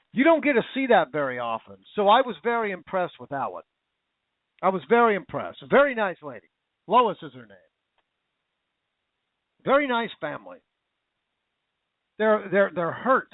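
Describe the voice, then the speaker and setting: A man's voice: high-pitched, no room sound. A man hosting a talk radio show, ranting with emotion and repeating himself as his anger builds. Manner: angry, emotional, repetitive ranting. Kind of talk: impassioned talk radio monologue. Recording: tinny phone-like sound.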